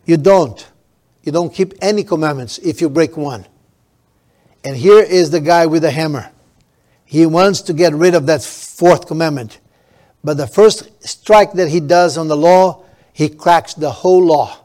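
Emphatic male preacher, slightly high voice. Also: a little mellow. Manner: emphatic, drawn-out stresses, frequent restarts. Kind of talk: sermon.

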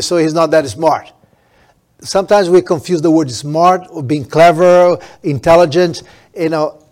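A male preacher delivers a sermon emphatically in a slightly high, somewhat mellow voice. He draws out his stresses and restarts often.

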